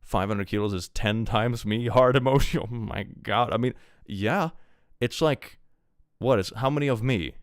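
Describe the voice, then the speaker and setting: A man from Sweden with a Swedish accent, streaming casually and reading viewer messages, jokey and animated, swearing freely and swinging between mock gloom and excitement. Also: mid-range voice, measured pace, smooth, no room sound, studio quality.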